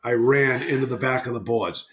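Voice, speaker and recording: A man's voice: mid-range voice, moderate pace. A man in his sixties, a former hockey player, rambling animatedly and correcting himself as he tells a podcast story. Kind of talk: casual storytelling. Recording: roomy echo.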